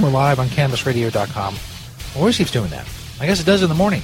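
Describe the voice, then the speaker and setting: A man's voice: mid-range voice, big pitch swings, brisk, long pauses, faint music behind. A man hosting a casual live podcast, rambling and profane, often restarting his sentences. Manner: loose, rambling, profane, self-interrupting. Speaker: podcast host. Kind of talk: casual talk show banter.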